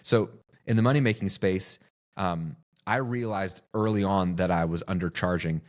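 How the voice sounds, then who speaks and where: Emphatic, low-voiced male business coach. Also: normal speed. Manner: emphatic, repeats phrases for stress. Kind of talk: direct-to-camera teaching talk.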